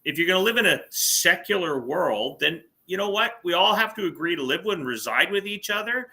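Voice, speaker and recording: A man's voice: high voice, animated, brisk, pushed and bright. A man from Canada, co-hosting a political livestream, arguing his points emphatically and firing off rhetorical questions. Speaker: political talk show co-host. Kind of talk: opinionated political livestream chat. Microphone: livestream call mic.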